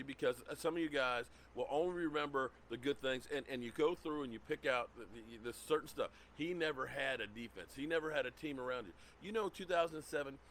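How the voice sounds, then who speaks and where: A man's voice: mid-range voice, fairly bright tone, a little hiss or hum. A middle-aged man hosting a sports livestream, ranting heatedly and repeating himself as he gets worked up. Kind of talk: heated rant.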